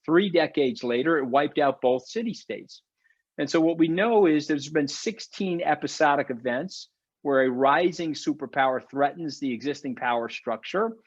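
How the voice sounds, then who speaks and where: Guy on a webinar call getting preachy and worked up, kinda high voice, muffled dry audio. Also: no room sound. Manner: fired up, preachy. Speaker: webinar guest speaker. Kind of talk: impassioned webinar talk.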